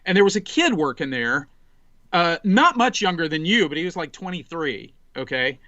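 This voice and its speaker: A man in his forties tells a story on a casual podcast, his voice pitched high and bright. He rambles animatedly and restarts often. The sound is dry and close, with no room around it. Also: big pitch swings, moderate pace, no room sound, highs cut off. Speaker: podcast guest.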